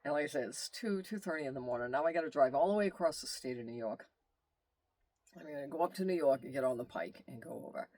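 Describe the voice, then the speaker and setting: A man telling a long road-trip story in casual, rambling storytelling, animated, with asides and exclamations. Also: a little high, quick pace. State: tired. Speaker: vlogger telling his travel story.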